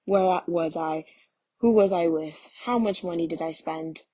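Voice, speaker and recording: A woman reading the part of a bitter, restless young husband, talking loud and sneering. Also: on the low side, a little slow, dry recording. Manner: angry, sneering, raised voice.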